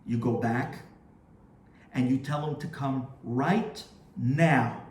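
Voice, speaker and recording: A man voicing a revered old male rabbi who gives quiet, firm orders in a low voice. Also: slow, a little hiss or hum, close to an everyday voice. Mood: commanding. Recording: roomy echo.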